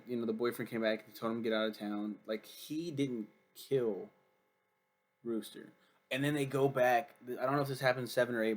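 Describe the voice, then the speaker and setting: A man chatting casually as he reviews a TV series, rambling and swearing freely with lots of fillers. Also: mid-range voice.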